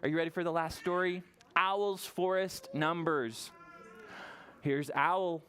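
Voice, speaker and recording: A woman librarian leading toddler story time, cheerful and encouraging, speaking slowly and plainly to small children in a library story room. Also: on the low side, a bit bright, clear, resonant tone.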